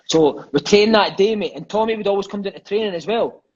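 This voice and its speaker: A Scottish man in his thirties rattles off his stories at a quick clip, in a slightly high, husky voice. He talks loosely and swears freely. The audio is dull and lo-fi. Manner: lively, swears freely, peppers speech with "mate" and "eh". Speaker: guest, former footballer. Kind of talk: casual storytelling chat.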